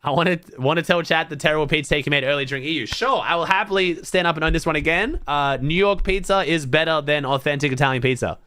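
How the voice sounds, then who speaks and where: A man's voice: on the high side, fast, few pauses, bright, forceful tone, smooth, no room sound. An Australian man streaming to his chat, thinking aloud in blunt, casual talk full of swearing. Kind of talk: casual livestream chat to viewers.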